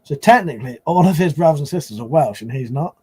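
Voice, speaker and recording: A man's voice: on the high side, animated, quick pace, a little mellow, slightly rough. A man hosting a casual live stream, rambling and swearing as he answers chat.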